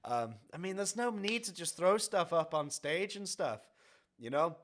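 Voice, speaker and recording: A man chatting casually as a music reaction streamer, rambling and excitable with lots of fillers and laughs. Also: a little high, measured pace. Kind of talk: casual chat over album playback. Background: heavy metal music playing faintly.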